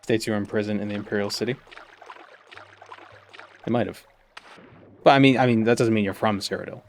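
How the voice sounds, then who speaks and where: A man's voice: lowish voice, fairly even intonation, brisk, a little hiss or hum. A man streaming a game, musing aloud in a rambling way full of fillers and restarts. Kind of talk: casual gameplay commentary.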